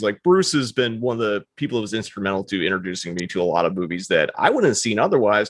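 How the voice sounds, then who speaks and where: Lively low-voiced podcast host. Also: male voice, dry recording, clean studio sound. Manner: lively, swears casually. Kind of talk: casual podcast chat.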